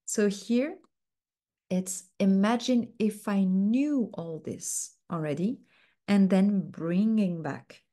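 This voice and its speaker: Woman, coaching mentor, soft and unhurried, mellow tone, many fillers. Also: medium pitch. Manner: slow, soft-spoken, uses many fillers. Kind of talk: teaching coaching technique.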